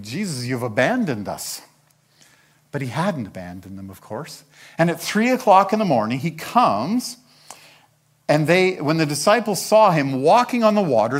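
A man's voice: fairly high pitch, sing-song, normal speed. An older man preaching a Bible-teaching sermon, telling the story with animation and acting out the characters' lines.

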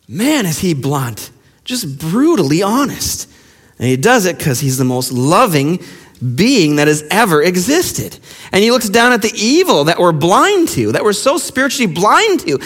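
A male pastor preaching a sermon with passion, firing rhetorical questions and dropping to hushed lines. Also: high-pitched, sing-song, measured pace. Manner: impassioned, with rhetorical questions and sudden hushed drops. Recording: long reverb of a large hall.

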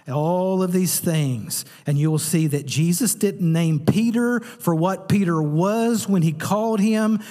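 Animated preacher, higher male voice. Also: long reverb tail. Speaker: pastor. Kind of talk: sermon.

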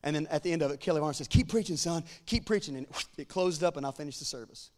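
A man preaching an impassioned sermon, acting out biblical dialogue in casual voices and building to near-shouting peaks. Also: a little high, fast. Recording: long hall reverb.

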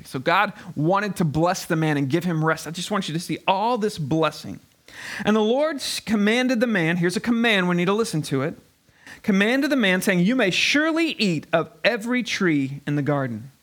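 A man preaches in a relaxed, chatty way and keeps turning to his congregation with questions. His voice sits high for a man. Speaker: pastor. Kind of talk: sermon.

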